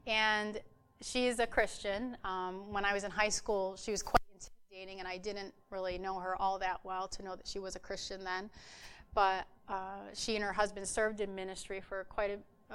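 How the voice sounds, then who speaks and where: A woman giving an informal church message, earnest and conversational, telling personal stories with fillers and soft laughs. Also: mid-range voice, clean tone.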